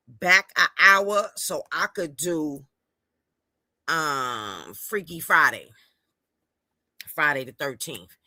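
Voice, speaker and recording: Woman, livestream host, casual chat, lowish voice, forceful and bright, dry close sound, emphatic repeats. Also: no echo. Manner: greets viewers warmly by name; emphatic, repeats words for stress. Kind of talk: casual live-stream chat.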